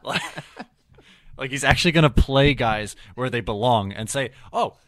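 A man's voice: mid-range voice, normal speed, fairly bright tone, no room sound. A young man hosting a casual sports podcast, laid-back and joking as he tells a story. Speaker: podcast host. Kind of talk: casual hockey podcast chat.

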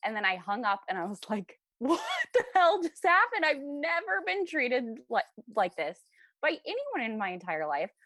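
Animated young woman telling a story. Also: sits high, moderate pace, dry recording, studio quality. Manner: animated, laughing, acts out quoted lines. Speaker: podcast guest. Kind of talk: casual storytelling chat.

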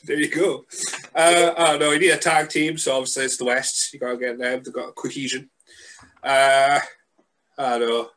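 A man's voice: mid-range voice, flat delivery, moderate pace, a bit bright. Guy hosting a podcast, dry jokey chat. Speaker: podcast host.

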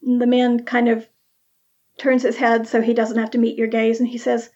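A woman's voice: a little high, completely flat delivery, normal speed, a little mellow, muffled recording. A woman narrating a tabletop game as game master, describing scenes vividly.

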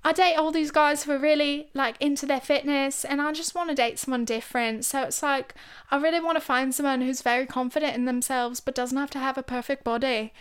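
A woman's voice: high voice, steady tone, fairly quick, natural voice. Woman putting on a mock-British dating contestant. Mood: earnest. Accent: British (mock, put on). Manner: exaggerated, self-admittedly clumsy accent imitation.

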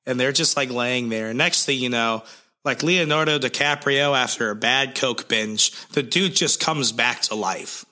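A man casually retelling a comic's plot with lively storytelling and crude jokes. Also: mid-range voice, moderate pace. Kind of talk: casual comic recap chat.

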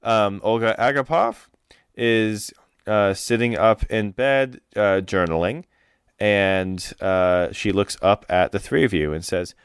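A man's voice: fairly low pitch, takes it slowly, smooth, dry recording, studio quality. A man narrating as game master of a tabletop game, hesitant with many ums and uhs.

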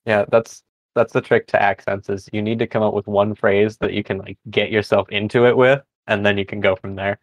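A young man hosting a podcast in casual chat, easygoing and quick to laugh along. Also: fairly low pitch, little pitch movement, no room sound. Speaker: podcast host. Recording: dry, dull lo-fi recording.

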